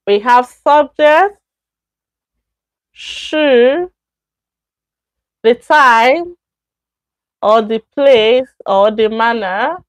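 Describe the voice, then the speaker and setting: On a live stream, a Nigerian-accented woman whose voice is on the high side leads beginners through Chinese, slowly repeating words and fixing her own mistakes. The recording is dry.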